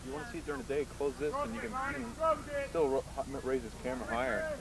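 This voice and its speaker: A man at a ball game chatting casually in a rambling, halting way. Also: mid-range voice, huge pitch swings. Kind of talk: casual chat. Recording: distant voice under loud crowd noise.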